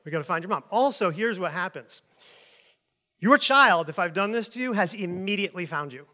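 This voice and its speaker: A middle-aged man preaching a sermon, telling stories in an animated way and acting out other people's voices. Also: high voice, fairly quick. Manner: animated storytelling, acts out voices in shouts. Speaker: pastor.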